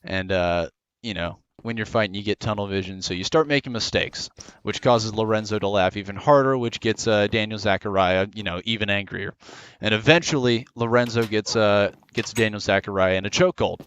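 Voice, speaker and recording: A man's voice: fairly low pitch, steady tone, brisk, fairly bright tone, clean tone, no room sound, dull audio. A young man telling a long rambling story casually while gaming, full of fillers. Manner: rambling, lots of "you know" and "uh".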